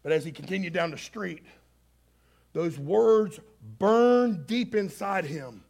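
A man preaching a sermon, telling stories dramatically and swinging between loud and hushed delivery. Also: high voice, expressive, takes it slowly, vocal fry. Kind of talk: sermon storytelling.

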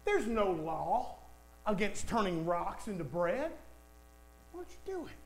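A man's voice: high voice, sing-song, unhurried, echoey room, voice pushed down, exaggerated voice. A man voicing a sly, tempting male devil inside a sermon, wheedling and pushy. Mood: coaxing.

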